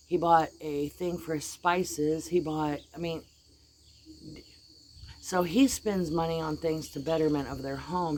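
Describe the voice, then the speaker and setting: A woman's voice: sits low, fairly even intonation, unhurried, darkish tone, a little hiss or hum. Exasperated middle-aged American woman venting. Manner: rambling, exasperated, blunt with casual swearing. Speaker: vlogger. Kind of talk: casual venting monologue.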